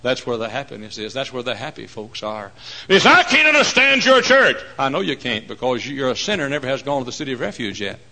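A man preaching a lively sermon in a church, bursting into shouts and putting on voices. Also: mid-range voice, fast talker, few pauses, low-quality recording.

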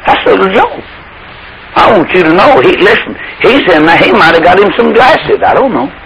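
Gravelly, animated preacher. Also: male voice, high-pitched, moderate pace, background noise. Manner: folksy, animated, rhetorical questions. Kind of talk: storytelling sermon.

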